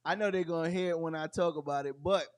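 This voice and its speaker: High-pitched dude on a podcast, super animated storyteller, laughs a lot, dry close sound. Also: male voice, fast, smooth, dry recording. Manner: animated storyteller, laughs often, imitates people. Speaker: podcast co-host. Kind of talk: casual chat.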